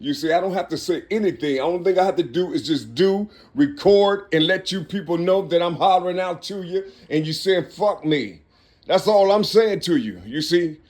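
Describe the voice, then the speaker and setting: A man in Cincinnati, Ohio tapes his own wandering monologue, sounding out numbers and letters with halting restarts and a repeated "you see?" His voice is high and a little mellow.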